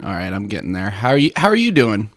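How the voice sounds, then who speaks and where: A young man joining a friend's stream, chatting casually in a relaxed, jokey way. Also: lowish voice, fast talker, no room sound. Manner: laid-back, jokey, easygoing. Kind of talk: casual chat.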